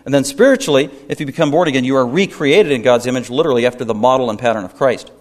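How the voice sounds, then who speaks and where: A man preaching a sermon as pastor, emphatic, with repeated phrases and pointed questions to the congregation. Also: very fast. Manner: emphatic preaching with wide swings in pitch and loudness, repeated phrases.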